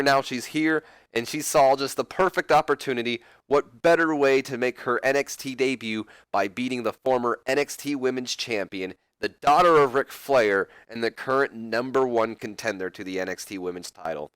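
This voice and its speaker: A man's voice: medium pitch, normal speed, a bit bright, clear, resonant tone, no echo. A man hosting a let's play, giving rambling, casual gameplay commentary with self-correcting asides and jokes to his viewers.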